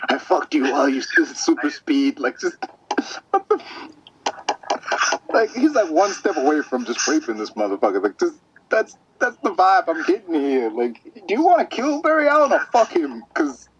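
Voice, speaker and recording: Animated crude-talking male podcast host. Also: fairly high pitch, normal speed, slight background noise. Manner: crude, animated, swearing storyteller. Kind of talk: casual chat. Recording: dull lo-fi sound.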